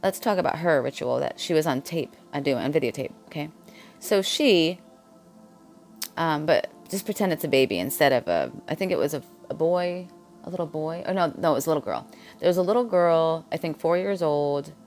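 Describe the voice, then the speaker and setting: A woman's voice: deep voice, expressive, brisk, a little mellow, faint music behind. A woman vlogger talking in a blunt, rambling monologue, jumping from topic to topic. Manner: blunt, jumps between topics.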